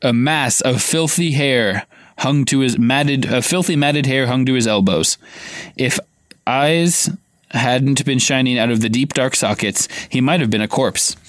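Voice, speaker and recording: A man's voice: mid-range voice, a little slow, no echo. A man co-hosting a podcast, reading a novel aloud live and acting out the dialogue with a raised voice.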